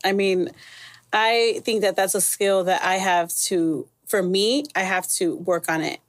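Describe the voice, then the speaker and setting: A woman's voice: medium pitch, unhurried. A woman hosting a casual interview, telling stories animatedly and laughing often. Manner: animated storyteller who acts out quoted voices, laughs often. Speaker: host.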